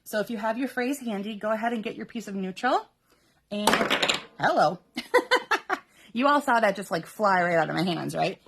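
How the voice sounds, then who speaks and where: A woman's voice: mid-range voice, quick pace, vocal fry, hardly any pauses, heavy background noise. A woman hosting a live card-making demonstration, chatty and instructional, laughing often as she talks viewers through each step. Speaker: papercraft host.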